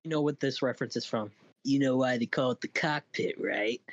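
A man's voice: mid-range voice, brisk, no room sound. A man co-hosting a casual podcast chat, joking crudely and laughing often. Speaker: podcast co-host. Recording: dry, dull lo-fi sound.

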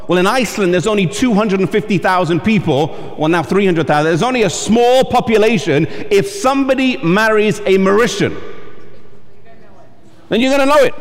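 English pastor preaching in a hall. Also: male voice, high voice, lively intonation, fairly quick. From England. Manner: storytelling, acting out quoted voices. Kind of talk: sermon. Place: camp meeting hall. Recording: long reverb in a large hall.

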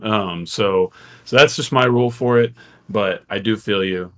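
A man's voice: fairly low pitch, unhurried. A man co-hosting a sports podcast, chatting casually in loose, profane bursts with frequent restarts. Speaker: podcast co-host.

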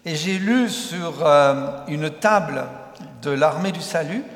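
Older French man preaching in an echoey hall. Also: a little high. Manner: measured, pausing phrase by phrase with hesitant fillers. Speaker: visiting pastor. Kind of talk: sermon delivered in short phrases for an interpreter. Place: church sanctuary.

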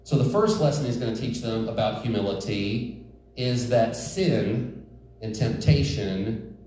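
A man's voice: mid-range voice, a little slow, mellow. A man preaching a sermon in church, earnest and emphatic, with joking asides to the congregation. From rural United States. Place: church sanctuary. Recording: echoey church hall, distant mic.

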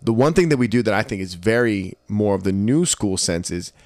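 A man hosting a casual podcast chat, an animated storyteller who acts out the people he quotes. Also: lowish voice, brisk, no echo. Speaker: podcast host.

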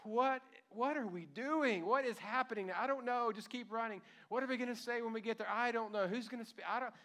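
A man voicing a group of frightened, breathless women running to share news, firing off rushed panicky questions. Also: very high voice, sharp tone, pitched above the performer's own voice. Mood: panicked.

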